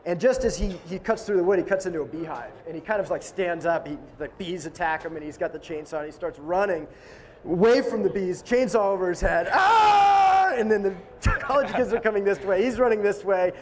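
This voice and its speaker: A man with a slightly high voice, telling stories in a casual interview. He talks in an animated, joking way and acts out the people in his stories. It is relaxed, informal storytelling. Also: a little fast. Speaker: film director.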